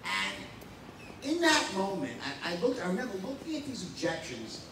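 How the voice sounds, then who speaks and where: A man running a live sales training, telling stories in a blunt, animated way with frequent "right?" and swearing, at a whiteboard. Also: sits high, moderate pace, vocal fry, noisy background. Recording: roomy echo from a distance.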